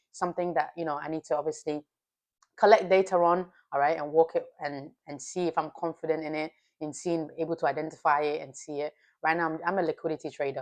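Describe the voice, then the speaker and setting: Woman, lower register, a futures trader hosting her own stream, relaxed and profane with chat and self-coaching in her day's review. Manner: loose and profane, chatting with viewers. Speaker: futures trading livestreamer.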